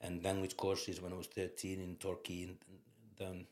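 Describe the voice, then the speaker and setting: A Finnish former footballer in his fifties, with a Finnish accent, laughs through lively anecdotes in an interview. His voice sits low at normal speed, recorded with a roomy echo.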